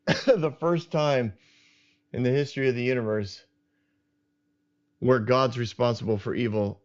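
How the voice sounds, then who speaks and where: A man hosting a podcast, reflecting earnestly on a scripture passage and often restarting his sentences as he thinks aloud. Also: medium pitch. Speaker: podcast host teaching scripture. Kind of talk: reflective teaching talk. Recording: dull lo-fi sound.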